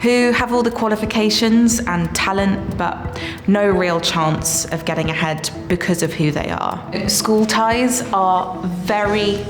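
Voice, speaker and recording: Woman playing a brisk etiquette teacher. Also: mid-range voice, reverberant, music in the background. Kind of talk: sketch comedy acting.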